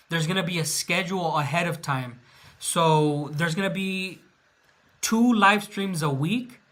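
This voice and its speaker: An American man hosting a late-night live Q&A stream, talking casually and rambling with frequent filler pauses. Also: high-pitched, sharp tone. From United States. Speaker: livestream host. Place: indoors at home, late at night.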